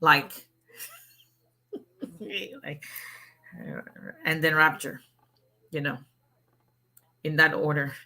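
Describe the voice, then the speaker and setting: A middle-aged African woman, an immigration lawyer, hosts a casual livestream, greeting viewers and chatting in a relaxed, rambling way. Her slightly low voice rings bright and forceful, and she laughs often between points. She draws out words and takes long pauses.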